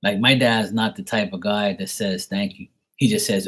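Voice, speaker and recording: A man in his forties with a low, husky voice, chatting loosely to camera. He wanders through a family story, full of filler words and restarts. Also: steady tone, moderate pace, a bit bright. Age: 40s. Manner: rambling, heavy use of filler words. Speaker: tarot reader and channel host. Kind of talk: casual rambling storytelling.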